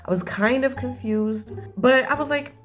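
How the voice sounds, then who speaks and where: A young woman telling a story in a casual vlog, animated and jokey with dramatic asides. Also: sits high, moderate pace, faint music behind.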